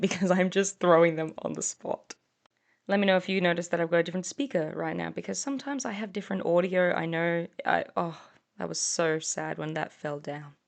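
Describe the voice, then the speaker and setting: A woman's voice: lowish voice, creaky. A young woman from Australia with a mixed English and Australian accent, narrating her own vlog in a chatty, rambling, self-deprecating way. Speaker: vlogger. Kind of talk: casual voice-over narration.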